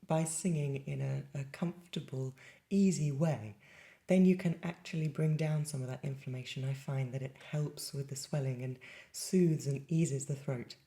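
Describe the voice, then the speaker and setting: A woman's voice: very deep voice, normal speed, mellow. A woman giving a singing lesson in a chatty, lightly playful way, with sung demonstrations. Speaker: singing teacher.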